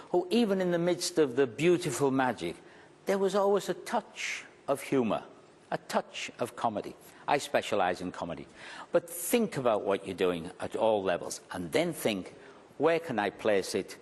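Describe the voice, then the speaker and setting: A man giving a conference talk as a magician, telling a story in an animated way and repeating his key phrases for emphasis. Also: medium pitch. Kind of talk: storytelling lecture. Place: large conference hall. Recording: long hall reverb.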